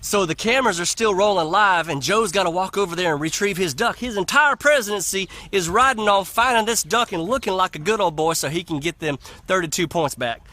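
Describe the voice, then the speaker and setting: Guy telling a folksy joke story, high bright voice. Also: brisk, few pauses. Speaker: comedian storyteller.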